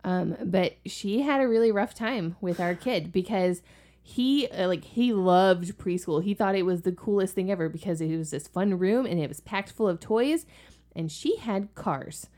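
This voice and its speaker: At a moderate pace and in a warm, medium-pitched voice, a woman co-hosting a podcast shares stories about her family. As a parent talking casually, she's chatty and leans on lots of likes and ums.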